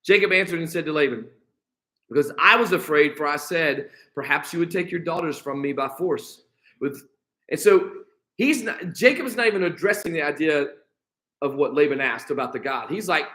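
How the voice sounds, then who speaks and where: High-voiced American pastor teaching scripture. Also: male voice, lively intonation, normal speed, sharp tone, low-quality recording. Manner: reads scripture aloud and paraphrases it in casual modern speech. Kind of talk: Bible study teaching. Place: church.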